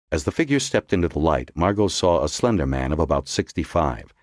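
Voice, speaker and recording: A man narrating an audiobook in a measured, expressive storytelling manner. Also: very deep voice, dry recording, studio quality.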